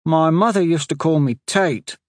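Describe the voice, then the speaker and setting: Man doing a high, pleading waif of a boy, tearful and scared, for a storybook reading. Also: normal speed, dry recording, clean studio sound, lightly acted. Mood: wary. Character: frightened ragged street boy, about ten, tearful.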